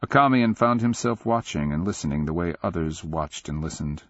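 A man reading a dark fantasy audiobook in a measured, solemn scripted narration. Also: low-pitched, animated, no room sound, dull audio.

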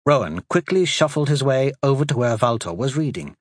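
A man narrating a fantasy audiobook in an expressive, unhurried reading voice. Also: mid-range voice, dry recording, studio quality.

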